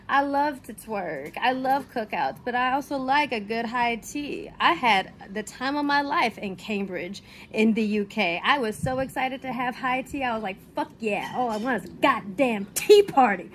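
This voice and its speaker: A young woman content creator in an animated, exasperated rant, emphatic and swearing often. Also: high voice, a little hiss or hum.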